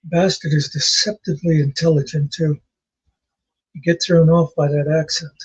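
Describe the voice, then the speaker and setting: A man's voice: a little high, level tone, normal speed, slightly rough, muffled recording. A man co-hosting a casual chat, telling rambling stories with many fillers. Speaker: podcast co-host.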